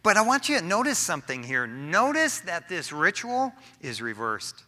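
A man preaching a sermon to his church in a casual, animated way, often tossing in "man". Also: sits high, moderate pace. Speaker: pastor.

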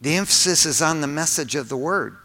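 A man's voice: a little high, expressive, brisk, sharp tone. A middle-aged male pastor preaching a sermon in an earnest, conversational way, mixing teaching with personal asides. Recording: long hall reverb.

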